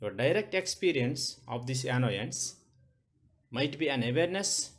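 A man with an Indian English accent teaches a class of young children, stopping often to ask them questions and repeat points. He speaks slowly, and his pitch moves a lot. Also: animated.

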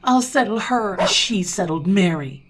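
A woman reading a story aloud and voicing a desperate countryman who yells in outrage to protect his dog. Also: medium pitch, lively intonation, moderate pace, heavy background noise, pitched above the performer's own voice, natural voice. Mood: defiant. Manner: shouting in outrage.

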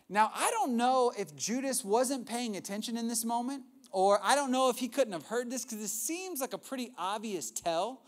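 A young adult man preaching a sermon as a pastor, retelling a story in an animated way with asides and acted-out quotes. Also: very high-pitched, moderate pace, hardly any pauses.

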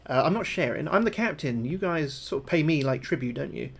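Man, live game streamer, sweary, excitable, slightly high voice. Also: fairly quick, gravelly, husky. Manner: excitable, swears a lot, yelps when scared. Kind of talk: live gameplay commentary.

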